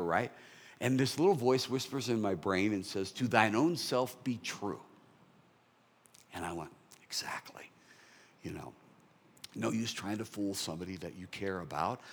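A man giving a sermon testimony, telling his story in an animated way and dropping to soft whispers. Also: medium pitch, husky.

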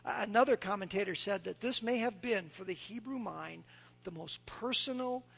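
A man with a fairly high, gravelly voice preaches a sermon in a folksy, storytelling way. His tone is husky, and he sinks to a hushed near-whisper when he quotes scripture. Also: moderate pace. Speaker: pastor.

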